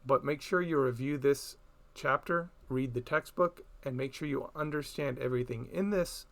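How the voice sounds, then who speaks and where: A man teaching a recorded music theory lesson, explaining slowly and chanting beat patterns aloud. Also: mid-range voice, vocal fry, a bit bright.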